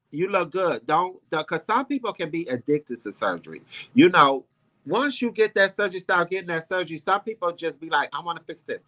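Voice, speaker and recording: Guy doing a gossip livestream, sassy n chatty, kinda high bright voice, lots of ums. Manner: sassy, chatty, calls viewers girl and honey; rambling with many ums and restarts. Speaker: host of a celebrity gossip livestream. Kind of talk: casual chat with live viewers.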